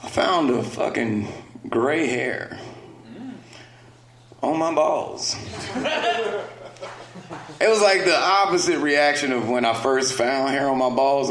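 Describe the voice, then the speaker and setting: A man's voice: medium pitch, a little slow, pauses often. A man in his thirties doing a crude, conversational stand-up set on a comedy club stage and talking straight to the crowd. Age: 30s. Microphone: stage microphone. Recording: roomy club echo, faint room noise.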